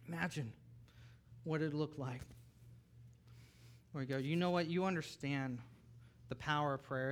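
A man in his thirties preaching a sermon as pastor, animated, swinging from soft asides to near-shouted bursts. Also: on the high side.

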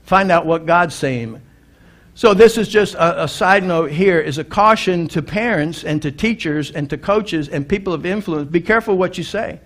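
A man's voice: fairly high pitch, moderate pace, fairly bright tone. A middle-aged male pastor preaching a sermon, telling a story earnestly and building to emphatic appeals, often restarting and repeating words.

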